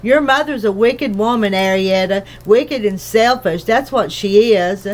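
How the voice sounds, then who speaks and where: A woman's voice: medium pitch, unhurried, close to an everyday voice. A woman reading aloud, voicing a fussing, easily upset tiny mother borrower who frets and frightens easily. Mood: distraught. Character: fretful tiny mother borrower, anxious and tearful.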